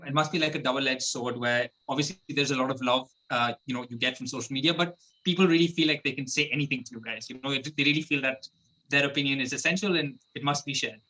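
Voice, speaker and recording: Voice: mid-range voice, sharp tone, slight background noise, poor audio. An interview host asking long, chatty questions full of fillers. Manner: fast, chatty, many "you know"s.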